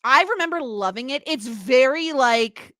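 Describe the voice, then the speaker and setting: A woman's voice: sits high, unhurried, no echo, studio quality. A woman in her thirties co-hosting a podcast in casual, jokey chat. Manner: animated, jokey, bursts into laughs. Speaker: podcast co-host.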